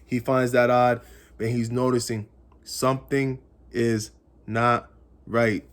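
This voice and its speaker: Guy rambling through an episode recap, mid-pitch voice, keeps circling back on his theories. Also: flat delivery, slow. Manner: rambling, speculative, repeats phrases. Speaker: comics channel host.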